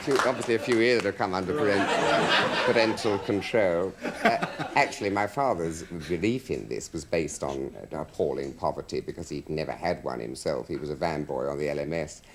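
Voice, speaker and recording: An English man with a plummy accent, talking as a talk show guest with theatrical, long drawn-out vowels. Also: sits low. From England. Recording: hissy 1970s TV broadcast.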